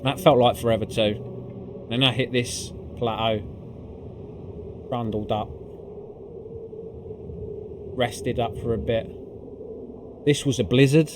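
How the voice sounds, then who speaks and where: A man's voice: medium pitch, slow, pauses often, background noise. A man recapping a video game climb in casual commentary, swearing often and full of fillers. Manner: excitable and profane, swearing freely with lots of fillers. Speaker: gaming video creator. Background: background music.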